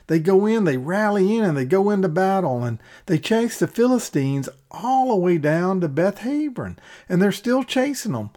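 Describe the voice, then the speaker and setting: A man's voice: high-pitched, a little mellow. A man teaching a Bible-study podcast, retelling and reading scripture in a plain conversational way.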